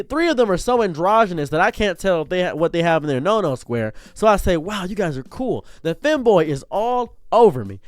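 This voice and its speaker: A man telling a long casual story as a commentary streamer, acting out the dialogue, jumping from loud outbursts to low mutters. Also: dry recording. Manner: acts out dialogue in his telling.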